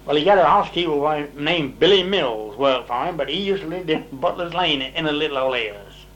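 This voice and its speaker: A man's voice: a little high, a little fast, low-quality recording. An older man tells long farm stories in a rambling, casual way. He uses dialect grammar and acts out what other people said. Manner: rambling, dialect grammar, lively when voicing others' words. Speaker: interviewee telling old farm stories. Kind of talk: casual storytelling.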